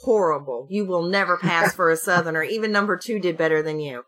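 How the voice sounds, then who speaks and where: A woman's voice: fairly low pitch, fast, a bit bright. A woman co-hosting a casual podcast chat, teasing the others in a blunt, dry way. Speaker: podcast co-host.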